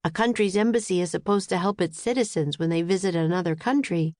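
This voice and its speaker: A woman voicing an earnest, excited young boy who is bookish and keen. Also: on the low side, fast, no echo, studio quality, close to an everyday voice.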